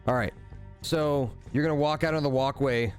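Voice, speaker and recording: Guy running a tabletop game, easygoing, quick calls, soft music behind. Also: mid-range voice, smooth. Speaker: game master.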